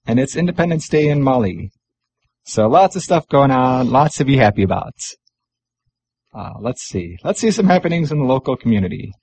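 A man's voice: medium pitch, slightly rough. Chatty male community radio host. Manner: relaxed, chatty, pauses with many fillers. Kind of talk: casual radio show chat. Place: radio studio.

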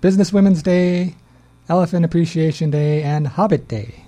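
Man, radio co-host, fairly high voice, mellow tone, easygoing announcements. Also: moderate pace. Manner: easygoing, laughs, reads announcements. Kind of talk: casual radio chat. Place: radio studio.

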